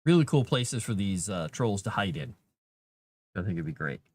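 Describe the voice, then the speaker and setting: A man's voice: deep voice, very animated, normal speed, darkish tone. A man, an author, chatting casually with his viewers on a live stream and cooing at his cat between thoughts.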